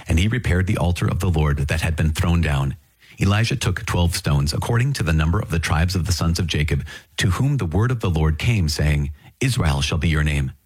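A man reading scripture aloud in a measured, solemn way. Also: deep voice, a little mellow, husky, no echo. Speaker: scripture reader.

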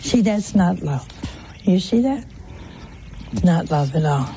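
A woman's voice: fairly low pitch, animated, slow, music in the background. A woman giving an informal sermon, teasing her listeners with rhetorical questions and humorous anecdotes. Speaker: religious teacher.

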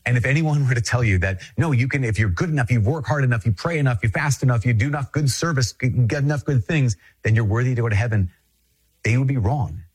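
A man's voice: mid-range voice, fast talker, husky. A man from Minnesota, a Catholic priest, giving an earnest, conversational spiritual talk and repeating phrases for emphasis.

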